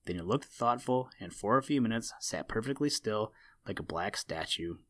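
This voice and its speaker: A man narrating an old-fashioned children's storybook in a steady, measured reading voice. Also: lowish voice. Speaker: audiobook narrator.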